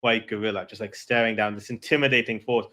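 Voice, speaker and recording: A man's voice: fairly low pitch, steady tone, fast, pushed and bright. A man narrating a tabletop game as game master, rambling with many fillers and restarts.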